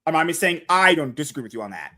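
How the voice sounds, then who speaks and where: A woman's voice: sits low, big pitch swings, rapid-fire, pushed and bright. An American woman arguing emphatically as a guest on a chat podcast. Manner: emphatic, argumentative. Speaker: guest debater. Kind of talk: casual debate chat.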